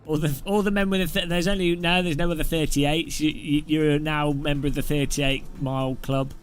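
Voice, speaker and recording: A man's voice: fairly high pitch, fairly even intonation, fairly quick, few pauses, soft background music. A man with a British accent chatting casually on a live stream, joking and rambling as he answers chat. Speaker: sim racing streamer.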